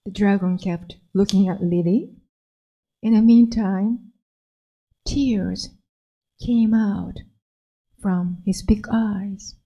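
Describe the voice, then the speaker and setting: A woman minister telling a story slowly and gently in a sermon. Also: mid-range voice, steady tone, husky, highs cut off.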